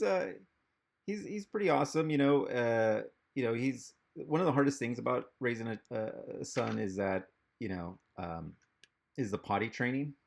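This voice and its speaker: Male comic, low gravelly voice, halting stand-up delivery over a video call. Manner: rambling, halting delivery with many fillers. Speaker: stand-up comedian.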